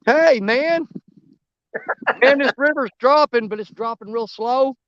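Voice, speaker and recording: A man's voice: very high voice, unhurried, a bit bright, no room sound, lo-fi sound. A man, hosting a fishing livestream from a riverbank and chatting easily with viewers. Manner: rambling, easygoing, greets viewers by name. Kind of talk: casual live-stream chat while fishing. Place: outdoors on a riverbank.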